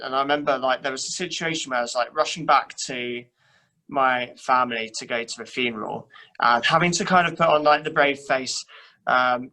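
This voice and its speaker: This young church youth worker from England has a medium-pitched, sharp-toned voice, captured on a rough recording. His casual, self-deprecating chat keeps stumbling over fillers and fresh starts.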